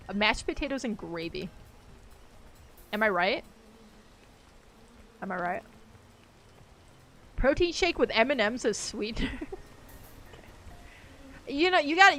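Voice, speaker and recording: A woman's voice: on the high side, expressive, moderate pace, sharp tone. A woman chatting casually on a game live stream, rambling, laughing often and reacting aloud to the game. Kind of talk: casual live-stream chat while gaming.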